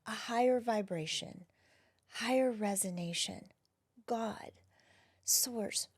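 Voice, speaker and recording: In a casual interview, this woman, a wellness practitioner, reflects gently and frequently softens into a near-whisper. Her voice is medium-pitched, and she takes things slowly.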